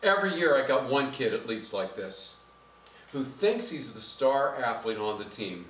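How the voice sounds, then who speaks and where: A middle-aged man preaching a sermon as pastor, conversational and animated, getting louder as he drives his points home. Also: medium pitch, normal speed, slight background noise. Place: church sanctuary. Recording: echoey church from a distance.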